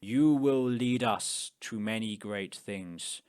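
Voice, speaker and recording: A man voicing a big bald male cult leader who speaks in slow, grave pronouncements. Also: fairly low pitch, a little mellow, clean tone, pitched below the performer's own voice. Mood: solemn.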